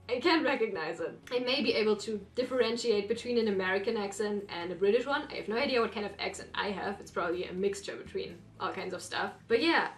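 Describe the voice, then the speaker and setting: A woman hosting a reaction video, chatting casually and rambling, with apologetic asides. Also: mid-range voice. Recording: roomy echo.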